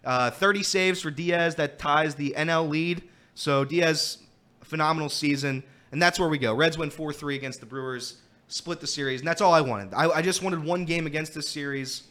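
A man with a voice on the high side speaks at a moderate pace as guest host of a relaxed sports talk show. Animated and laughing often, he tells stories and grumbles about a throat issue.

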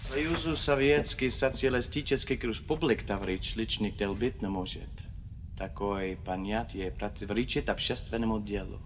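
An actor playing a stern Soviet naval political officer who speaks in a cold, formal, lecturing way, in a film clip. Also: male voice, on the low side, moderate pace, noisy background, lightly acted. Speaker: film character.

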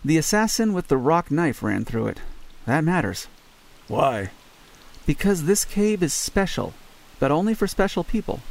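A man voicing a brisk, wry, teasing female investigator in an audiobook. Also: fairly high pitch, sing-song, vocal fry, pitched above the performer's own voice.

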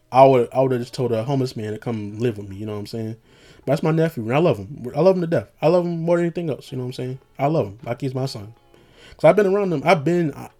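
A man's voice: mid-range voice, dark tone. A young man talking in a loose, rambling monologue, joking and full of slang and fillers. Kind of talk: casual monologue.

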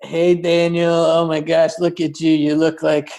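A man hosting a comedy roast podcast, mocking guests with big swings between loud jabs and muttered asides. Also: a little high, completely flat delivery, measured pace.

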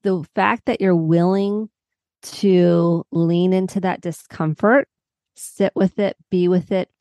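A woman's voice: lowish voice, steady tone, slow, mellow, no echo. A woman psychotherapist on a podcast, earnestly walking through examples step by step. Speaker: psychotherapist guest. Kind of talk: podcast interview.

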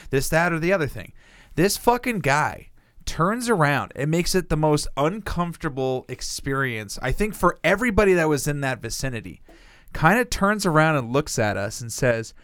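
A man co-hosting a podcast, telling a profane, animated story with frequent laughter. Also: on the high side, moderate pace, no room sound, clean studio sound. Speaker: podcast co-host. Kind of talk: casual storytelling.

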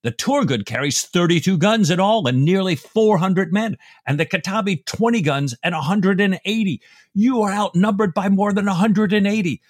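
A man's voice: sits high, normal speed, dry recording, clean studio sound, pitched above the performer's own voice. A man reading out the lines of an alarmed, indignant male professor, lifting his voice well above his own.

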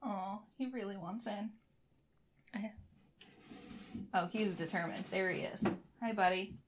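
A woman's voice: mid-range voice, unhurried, slight background noise. A woman co-hosting a podcast in casual chat, with dry, teasing remarks. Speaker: podcast co-host.

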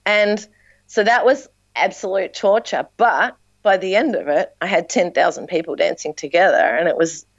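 An Australian woman chatting on a podcast, telling stories with energy and acting out the people in them. Her voice sits fairly low, and the recording is dry and a little dull. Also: normal speed, no echo. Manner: animated storyteller, acts out quotes. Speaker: dance teacher and performer. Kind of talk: casual podcast chat.

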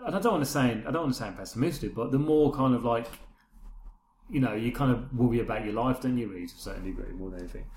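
A middle-aged man talks quickly in a loose, rambling way, acting out bits of dialogue as he retells a story. His voice sits at an ordinary pitch. The sound is roomy and echoey. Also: a little mellow, a little hiss or hum. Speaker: podcast co-host. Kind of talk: casual chat.

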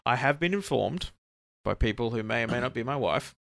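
A man's voice: mid-range voice, expressive, a little fast, vocal fry, fairly bright tone, no echo, studio quality. A man co-hosting a podcast while sick with a sore throat, joking and rambling with lots of restarts. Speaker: podcast co-host. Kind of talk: casual chat.

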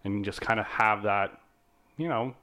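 A man talking in a relaxed, rambling way in a casual chat. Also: on the low side, measured pace.

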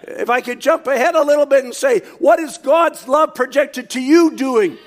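A man preaching a sermon, reading quotations aloud and commenting on them, rising to shouts on key points. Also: very high voice, moderate pace.

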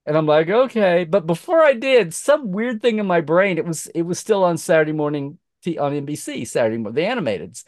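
Animated middle-aged man telling a story. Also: on the high side, a little fast, few pauses, dry recording, studio quality. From Oklahoma. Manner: animated, acts out quoted voices, many restarts. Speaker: podcast guest. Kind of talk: casual storytelling chat.

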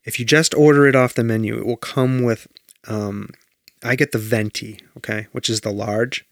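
A man's voice: medium pitch, steady tone, moderate pace, vocal fry, no echo, studio quality. A man co-hosting a podcast in casual chat, rambling and swearing freely as he tells stories. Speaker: podcast co-host.

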